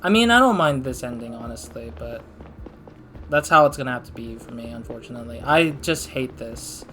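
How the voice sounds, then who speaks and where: A man's voice: mid-range voice, expressive, brisk, bright, forceful tone. Young male let's-player, casual self-deprecating commentary, faint music behind. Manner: self-deprecating, laid-back. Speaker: gaming channel host.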